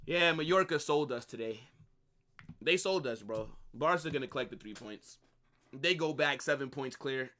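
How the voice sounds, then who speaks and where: A young man, reacting live to a football match in excited, exasperated rants full of swearing and repeated phrases. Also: mid-range voice, normal speed. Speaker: football watch-along streamer.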